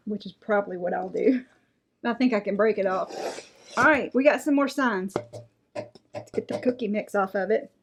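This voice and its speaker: A middle-aged woman gushes happily through an unboxing. Her voice sits a touch high, and she reads out each price tag between delighted remarks. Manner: gushing, enthusiastic, reads out prices. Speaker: unboxing vlogger. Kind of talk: casual unboxing chat.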